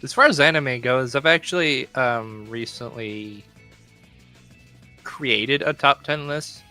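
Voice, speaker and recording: A stream guest with a bright, sharp tone at a middle pitch, chatting casually. They laugh often, speak with enthusiasm and restart words quickly. Faint music sits softly in the background. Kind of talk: casual chat.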